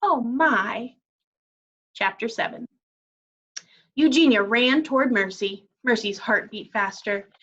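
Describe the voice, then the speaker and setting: A woman teacher reading a children's story aloud in a clear, expressive way. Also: fairly high pitch, a little slow. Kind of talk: children's read-aloud narration. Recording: dull lo-fi recording.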